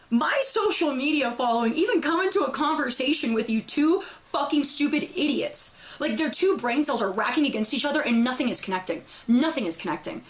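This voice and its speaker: Young female streamer, high-pitched, brash and profane, acts out her own yelling mid-story. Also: expressive, brisk. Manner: loud, profane, reenacts screaming. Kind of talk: animated storytelling to chat.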